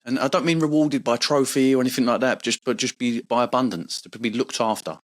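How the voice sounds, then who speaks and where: A man's voice: mid-range voice, fairly quick. A man, a podcast guest, talking earnestly and reflectively in casual conversation, with frequent restarts. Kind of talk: casual chat.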